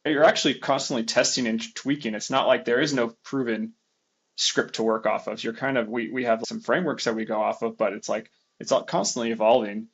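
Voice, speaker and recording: Husky man talking shop on dull audio. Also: medium pitch, steady tone, a little fast. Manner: thinking aloud, restarts and qualifies. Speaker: podcast host. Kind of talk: casual podcast chat.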